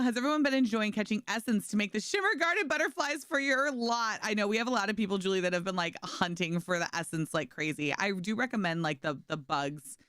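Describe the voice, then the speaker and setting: Bubbly young woman streaming, chatting with chat, clear smooth voice, no room echo. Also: medium pitch, fairly bright tone, studio quality. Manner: bubbly, talks to chat and her dog, lots of "like". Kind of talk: casual live-stream chat.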